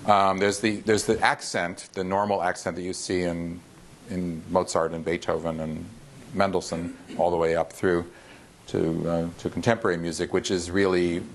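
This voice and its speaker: Brief: man, very low voice, violinist thinking aloud in rehearsal, many restarts. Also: flat delivery, slight background noise. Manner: halting, searching for words, many restarts. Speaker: violinist coaching a duo. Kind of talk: casual rehearsal discussion.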